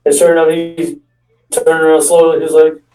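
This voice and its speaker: A young stand-up comedian tells a long, rambling comic story, restarting often and acting out the quotes. His voice is on the high side, monotone, brisk and warm. He's recorded off-mic from a distance in an echoey room.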